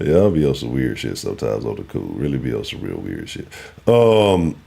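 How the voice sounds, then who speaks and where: Deep-voiced, profane sports host. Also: male voice, very animated, normal speed, creaky, warm tone, a little hiss or hum. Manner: profane, loose, grumbling. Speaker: sports talk show host. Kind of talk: casual live sports talk stream.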